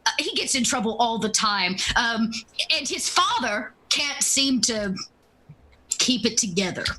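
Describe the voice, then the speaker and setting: A woman voicing a short, stocky male middleman who apologizes and smooths things over. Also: fairly high pitch, lively intonation, a little slow, pushed and bright, rough recording. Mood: apologetic.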